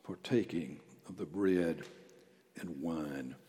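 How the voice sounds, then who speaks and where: A male pastor preaching a sermon, swinging from quiet, close talk to loud shouted calls. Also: low voice, slow pace. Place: church sanctuary. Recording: church hall with long reverb.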